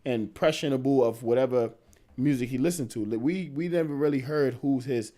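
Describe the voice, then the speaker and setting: A man co-hosting a relaxed podcast, debating with friends. He argues in a measured, thoughtful way, often restarting a phrase before finishing it. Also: mid-range voice. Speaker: podcast co-host. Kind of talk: casual debate chat.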